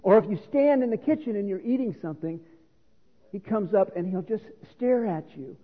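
A man's voice: high voice, animated, normal speed. A middle-aged man preaching a sermon, explaining scripture in an earnest, teaching manner. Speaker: pastor. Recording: reverberant hall on a phone-like line.

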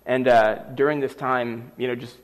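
A man's voice: medium pitch, normal speed. Man preaching in a reverberant hall. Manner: animated storyteller acting out scenes. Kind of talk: sermon storytelling. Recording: long reverb of a large hall.

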